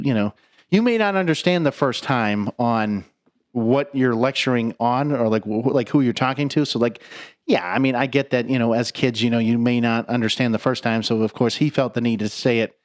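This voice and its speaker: A man co-hosting a podcast in casual chat, rambling with many fillers. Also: medium pitch. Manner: rambling, filler-heavy, laughs often. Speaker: podcast co-host.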